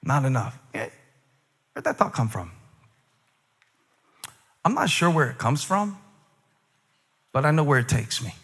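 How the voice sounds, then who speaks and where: A male pastor delivers a sermon in a casual, talky way, joking at his own expense before driving points home with raised, emphatic lines. His voice sits high for a man and rings bright and forceful. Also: sing-song, unhurried, long pauses, husky. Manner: chatty and self-deprecating, building to shouted emphasis. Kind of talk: conversational sermon.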